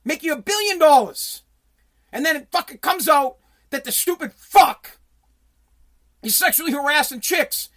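A high-pitched voice rants about sports with heated, blunt energy and plenty of swearing. The talker often starts over mid-sentence and reads viewer comments aloud. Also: expressive, normal speed, pauses often, a bit bright. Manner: heated, profane, blunt, with frequent repeated restarts.

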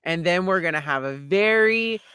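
A woman voicing a smug male pirate villain, gloating in a drawn-out, low mock-menacing way. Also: expressive, fairly bright tone, clean tone, no echo, clean studio sound.

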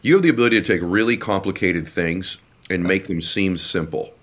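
A man hosting an interview podcast, introducing his guest with emotion and halting, filler-laden praise. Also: low-pitched, fairly bright tone. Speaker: podcast host.

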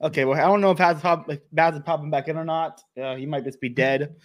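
An American man hosting a casual reaction chat, joking and emphatic, quick to mock himself. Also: fairly high pitch, steady tone. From United States. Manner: joking, emphatic, self-mocking. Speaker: host.

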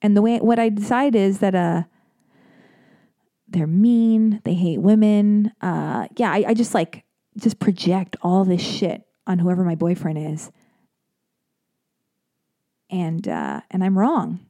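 A woman's voice: medium pitch, lively intonation, takes it slowly, long pauses, dark tone, no room sound. A woman hosting a podcast, talking casually in a rambling, self-deprecating way with lots of fillers and joking asides. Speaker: podcast host. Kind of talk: casual personal monologue.

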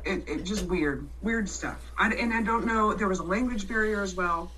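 A woman in casual chat, loud and blunt, swearing freely and restarting her sentences as she tells a story. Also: mid-range voice, moderate pace, distant mic, a little hiss or hum, rough recording.

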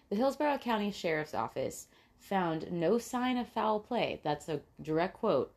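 A woman's voice: low voice, darkish tone. A young adult woman co-hosting a casual true-crime podcast, chatty and giggly, with lots of fillers and swearing. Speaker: podcast co-host.

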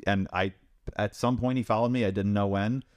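A man in his thirties in relaxed podcast chat, telling a story briskly. His voice sits on the lower side, and he talks quickly. The recording is dry and close. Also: no echo. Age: 30s. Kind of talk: casual chat.

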